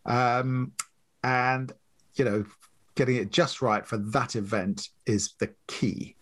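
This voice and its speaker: A man speaks with a husky, slightly breathy voice at a mid pitch. He is a comedy writer being interviewed, loose and anecdotal, with plenty of fillers. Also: slow pace. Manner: relaxed, anecdotal, many fillers. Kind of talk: podcast interview.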